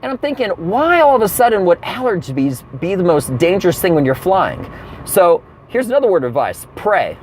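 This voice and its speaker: A man with a high, lively voice tells a comedy rant while sitting in his car. He swings his pitch all over and acts out the people in his story. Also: normal speed, slight background noise. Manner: animated storytelling with acted-out quotes.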